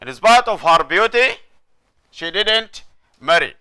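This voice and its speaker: A man's voice: sits high, lively intonation, bright, forceful tone, clean tone. A middle-aged man from Sudan teaching an English grammar lesson, repeating phrases and checking that students follow. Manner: slow, repetitive, explanatory delivery with frequent checks for understanding.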